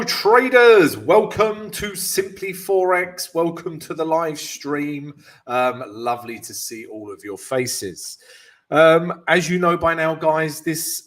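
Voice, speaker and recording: A British man with a fairly high voice hosts a live trading stream, chatting with viewers in an upbeat, informal way. He greets people by name and then talks through chart setups, dropping in plenty of "um"s and "you know"s as he goes. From Britain. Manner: explains chart analysis with frequent fillers. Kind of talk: live stream chat and market analysis.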